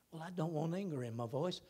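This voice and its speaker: Pastor, man, fairly high voice, preaches with stretched words and loud emphatic bursts. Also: husky. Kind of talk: sermon. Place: church sanctuary.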